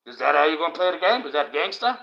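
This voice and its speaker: A man's voice: a little high, big pitch swings, fast talker, gravelly. An Australian man ranting on a livestream, crude and profane, rambling with stumbling restarts. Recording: dull lo-fi stream audio.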